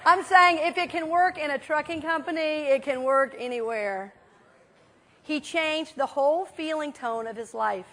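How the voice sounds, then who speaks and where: At normal speed, a woman minister with a high, bright voice gives a casual, lively sermon in a church sanctuary. She tells her stories loosely, with plenty of fillers, speaking to everyone like friends in conversation.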